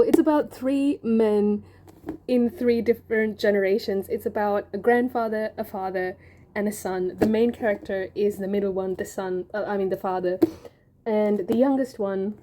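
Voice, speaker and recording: A chatty woman rambles happily about her favorite books, her voice mellow and warm. Faint hiss sits under a low-quality home video recording. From Sri Lanka. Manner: chatty and gushing, rambling with frequent ums. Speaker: book vlogger. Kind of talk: casual chat. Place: home in Hobart. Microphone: camera mic.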